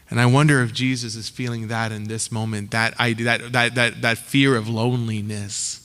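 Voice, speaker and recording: A man's voice: mid-range voice, fairly even intonation, moderate pace, fairly bright tone. A man preaching a sermon as pastor, talking casually with slang and acting out the voices of the people he quotes. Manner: conversational, slangy, acts out characters' voices in quotes. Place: church sanctuary. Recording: long hall reverb.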